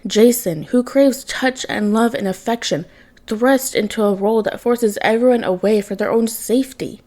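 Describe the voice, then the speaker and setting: A woman's voice: a little high, moderate pace, darkish tone. A woman reading fan fiction aloud, narrating with emotion. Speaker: podfic reader.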